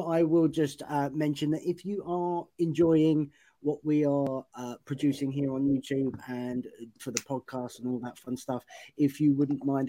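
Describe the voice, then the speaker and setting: A man's voice: medium pitch, warm tone. A man hosting a casual podcast on an online group call. He is chatty and self-deprecating, and his speech is full of ums. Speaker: podcast host.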